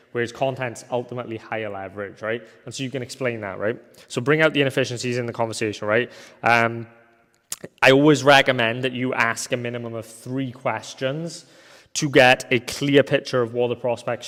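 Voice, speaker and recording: A man's voice: medium pitch, a bit bright. Casual young male coach in a reverberant room. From Wales. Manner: casual, ends points with a tag question, thinks aloud with fillers. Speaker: agency coach. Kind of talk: recorded course lecture. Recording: long hall reverb.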